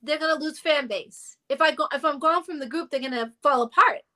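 A middle-aged woman, a former girl group singer, telling animated stories in a casual interview and acting out the people she quotes. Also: sits high, a little fast. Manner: animated storyteller who acts out quotes and sings notes.

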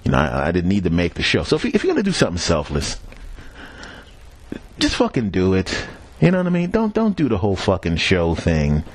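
A man's voice: low voice, wildly swooping pitch, brisk. A man hosting a podcast, telling a rambling, profane story in a casual solo monologue and chuckling at his own jokes. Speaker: podcast host.

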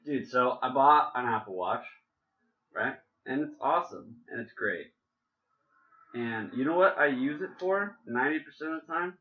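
A man's voice: medium pitch, expressive, moderate pace, dull audio. A man hosting a casual podcast chat, rambling and joking with lots of fillers and restarts. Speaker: podcast host.

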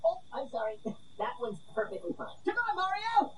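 An actor voicing a tiny, frantic mushroom guide from an animated film, with a very high, shrill voice. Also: male voice. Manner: yelling warnings then quickly apologizing. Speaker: animated film character in a trailer. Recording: distant clip with loud noise over it.

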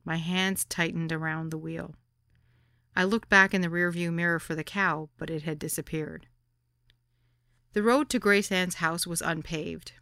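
Brief: female memoir narrator, wry deadpan delivery, bright crisp tone, lower pitch. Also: a little slow, dry recording, clean studio sound. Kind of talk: audiobook memoir reading.

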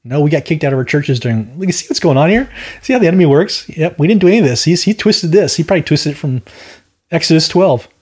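Husky man teaching scripture. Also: on the high side, lively intonation, quick pace, darkish tone. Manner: rambling, stammers and repeats words, opinionated asides. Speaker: Bible study host. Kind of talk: verse-by-verse Bible teaching.

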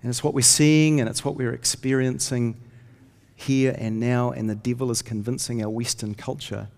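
A pastor with a medium-pitched, gravelly, darkish voice preaches a sermon at normal speed with fairly even intonation, telling stories earnestly. His voice lifts when he reads scripture, and a long hall reverb fills the recording.

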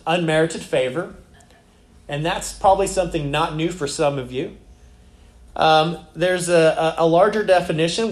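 A man's voice: sits high, echoey room. A man preaching a sermon as pastor, talking in a loose, conversational way and turning to ask the congregation questions.

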